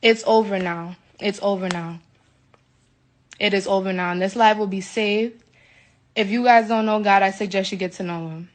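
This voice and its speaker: This livestreamer, a US woman in a hotel room, vents into her phone in an emotional live rant, indignant, agitated, and repeating herself. Her mid-range voice moves at normal speed with fairly even intonation.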